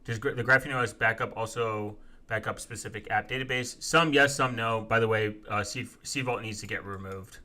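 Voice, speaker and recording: A man live-streaming in a casual, profane rant, reading viewer comments aloud and quickly flaring up as he rebuts them. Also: lowish voice, fairly even intonation, sharp tone. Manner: profane, quick to flare up angrily. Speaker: live streamer answering chat.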